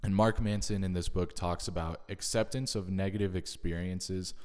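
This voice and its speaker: A man's voice: sits low, fairly even intonation, darkish tone, in a large hall. A man giving a casual, thoughtful spoken summary of books he listened to, adding his own asides. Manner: thoughtful, measured, adds personal asides. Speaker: video creator summarizing books.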